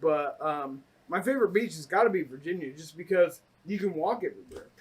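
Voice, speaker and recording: A man's voice: a little high, animated, a little fast, slightly rough, distant mic, poor audio. A man co-hosting a podcast, recalling trips in an easygoing, rambling way with fillers and swearing. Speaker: podcast co-host. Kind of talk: casual storytelling.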